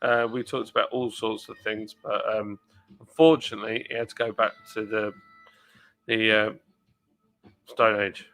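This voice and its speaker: A man's voice: fairly low pitch, little pitch movement, normal speed, gravelly, long pauses, a bit bright, faint music behind, poor audio. An English man hosting a live stream, chatting casually and rambling as he reads out viewer comments. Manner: rambling, chatty, jokey asides.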